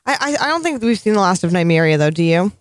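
A woman co-hosting a casual live-streamed show recap, emphatic and quick to laugh, with some swearing. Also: lowish voice, very animated, clear, resonant tone, dry recording, studio quality. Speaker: podcast co-host.

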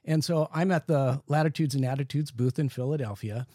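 Brief: male co-host, animated storyteller, slightly higher voice, dry close recording. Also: brisk, no echo. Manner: animated anecdote teller, quotes himself. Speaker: podcast co-host. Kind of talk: casual chat. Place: aboard a boat studio.

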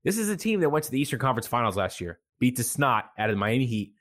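A man's voice: mid-range voice, big pitch swings, rapid-fire, fairly bright tone. Chatty joking man. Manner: chatty, joking, laughs often. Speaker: podcast co-host. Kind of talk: casual sports podcast chat.

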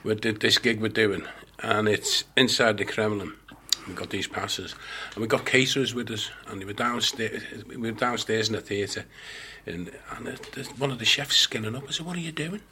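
A man's voice: fairly low pitch, moderate pace, hardly any pauses, sharp tone, a little hiss or hum. A man telling a bawdy, sweary anecdote with laughter as a podcast guest. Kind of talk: anecdote told in casual chat.

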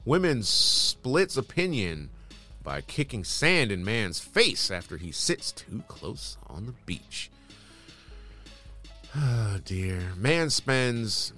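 A man's voice: lowish voice, sharp tone. A man hosting casual news commentary, reading headlines aloud and adding sarcastic, dismissive asides.

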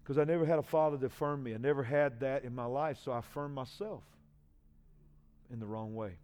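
A man in his forties, a pastor, giving an emotional personal testimony in a sermon, swinging from hushed to loud. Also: mid-range voice, brisk. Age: 40s.

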